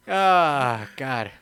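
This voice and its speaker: A man co-hosting a laid-back comedy podcast in a middle-pitched voice, recorded dry and close with no room sound. He talks in a loose, rambling way full of slang and fillers. He keeps laughing and jumping into squeaky character voices. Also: bright, forceful tone, smooth, no room sound. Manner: rambling, slangy, jumps into high-pitched impressions and laughs often. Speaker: podcast co-host. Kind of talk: casual comedy podcast chat.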